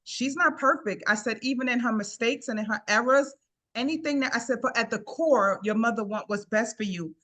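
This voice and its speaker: A woman's voice: fairly high pitch, a little fast, a bit bright. A middle-aged woman telling a personal story in a casual, earnest way, often repeating "I said" as she recounts what she told a teenager. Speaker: guest sharing a personal story.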